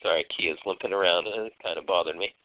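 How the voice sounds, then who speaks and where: A man co-hosting a casual wrestling podcast, talking in halting bursts full of fillers and restarts. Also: deep voice, dry recording. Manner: hesitant, many fillers and restarts. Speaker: podcast co-host. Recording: dry, phone-like narrow sound.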